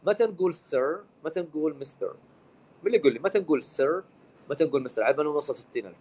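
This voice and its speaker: A man's voice: fairly high pitch, animated, rapid-fire, darkish tone, husky, rough recording. A man, an Arabic speaker, hosting a live-streamed English lesson and mixing Arabic with English in an upbeat way. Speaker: English teacher and stream host.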